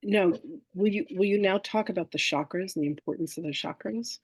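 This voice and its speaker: A woman hosting a spiritual workshop, talking casually with affection and telling stories in an animated way. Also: medium pitch, brisk, slightly rough, dry recording. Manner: affectionate, animated storyteller who greets people warmly.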